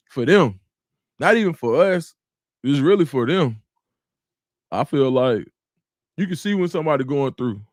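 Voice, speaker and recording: A man at a mid-pitched, ordinary register, hosting a relaxed livestream from a small room at home. He talks in a loose, conversational way and greets viewers by name. His voice is close and dry on a desk mic. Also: dry recording. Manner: laid-back, talks straight to viewers, greets chat by name. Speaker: livestream host. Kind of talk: casual livestream chat.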